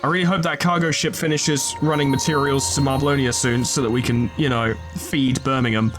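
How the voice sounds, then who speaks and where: A man's voice: mid-range voice, steady tone, a little fast, music in the background. Male let's player, casual wisecracking commentary, mid-range voice. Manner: joking, sweary, talks to the game units. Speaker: gaming video host.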